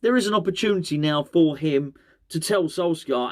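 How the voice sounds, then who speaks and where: A man's voice: a little high, normal speed. A man hosting a football podcast, talking casually on his own, rambling and correcting himself as he goes. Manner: rambling, self-correcting, repeats words. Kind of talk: casual solo football chat.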